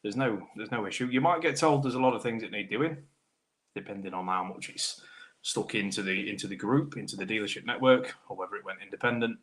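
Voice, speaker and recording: Bright-voiced British mechanic chatting to viewers. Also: male voice, fairly low pitch, brisk. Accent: British English. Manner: chatty, matey banter, greets viewers by name. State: throat trouble, clearing throat. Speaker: host of live Q&A stream. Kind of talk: casual live-stream chat reading comments.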